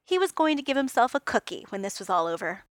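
Lively woman reading a story, dry sound. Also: fairly high pitch, fast talker, no echo. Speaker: reader. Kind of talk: reading fan fiction aloud.

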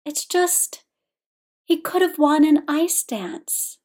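A woman's voice: high-pitched, slow, vocal fry, pitched above the performer's own voice, exaggerated voice. Woman reading a wistful, dramatic man. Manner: wistful, melodramatic.

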